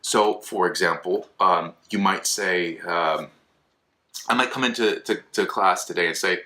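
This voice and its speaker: Casting: man in his thirties from California, lowish bright voice, casual animated lecture, jumps into silly voices. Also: a little slow. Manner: animated, acts out quoted voices, many restarts. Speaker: philosophy teacher.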